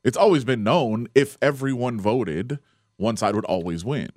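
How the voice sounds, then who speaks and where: A man's voice: medium pitch, animated, normal speed, darkish tone, dry recording, studio quality. A man who works as a sports reporter, chatting casually on a talk show with rambling restarts and frequent laughs.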